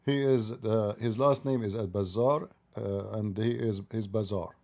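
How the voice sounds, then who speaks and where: A man's voice: lowish voice, a little slow, vocal fry, dark tone. A man hosting a live-streamed religious debate, sarcastic and mocking, his voice rising as he argues. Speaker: debate host.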